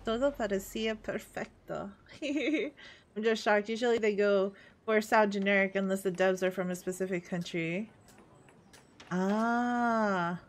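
A woman's voice: mid-range voice, takes it slowly. A young woman streamer chatting casually with her chat while playing, laughing often. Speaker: VTuber streamer.

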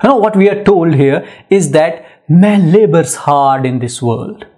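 A man lectures on a poem, pressing each point by repeating phrases and firing rhetorical questions. His voice sits a little higher than most men's. He explains the lines in a plain classroom manner. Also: animated, a little slow, a little mellow. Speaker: literature lecturer. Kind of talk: poetry lecture mixing English and Hindi.

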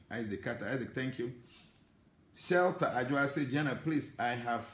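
Animated Ghanaian man, echoey room. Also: mid-range voice. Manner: mixes English with Twi, animated and emphatic. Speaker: spiritual teacher answering viewer comments. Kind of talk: live stream talk reading comments.

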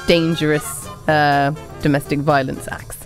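A woman's voice: sits low, flat delivery, measured pace, faint music behind. A woman co-hosting a casual comedy chat show, laughing often as she talks. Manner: giggly, laughs often while talking. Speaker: co-host.

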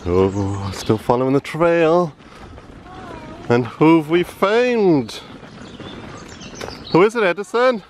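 Animated dad vlogging outdoors. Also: male voice, fairly high pitch, takes it slowly, long pauses, a little hiss or hum. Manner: chatty, encouraging to his small son. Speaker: family vlogger. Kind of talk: casual vlog narration while walking. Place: outdoors on a farm walking trail.

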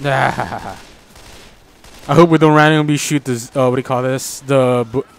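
A young man hosting a gaming channel, chatting casually and reacting excitedly while playing a co-op game with a friend. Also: mid-range voice, creaky. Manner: excitable, joking, quick reactions. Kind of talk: casual co-op gameplay chat.

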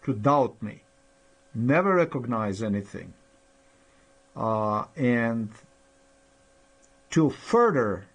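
Slow, halting, aggrieved man. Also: mid-range voice. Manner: halting, with many pauses and fillers; aggrieved and accusatory. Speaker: vlogger. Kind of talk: rambling personal monologue.

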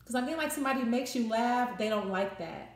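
A woman's voice: fairly high pitch, fast, roomy sound. A woman giving a casual tarot reading, talking freely, swearing and restarting her phrases. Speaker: tarot reader.

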